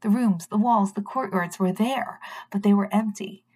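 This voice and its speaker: Woman, Torah teacher; earnest, measured delivery, reads then translates text. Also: medium pitch, darkish tone, slightly rough. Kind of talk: recorded scripture lesson.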